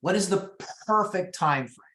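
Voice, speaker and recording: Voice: mid-range voice, expressive, moderate pace, pushed and bright. Chatty real estate coach, roomy echo. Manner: chatty, coaching, addresses the audience directly, acts out client dialogue. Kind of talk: live online training session.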